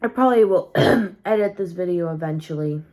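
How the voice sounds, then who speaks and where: A woman's voice: fairly low pitch, moderate pace, a little mellow. A tired young woman vlogging casually from home at night, rambling candidly with many fillers and restarts. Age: young adult. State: tired and sleepy. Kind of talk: casual confessional vlog.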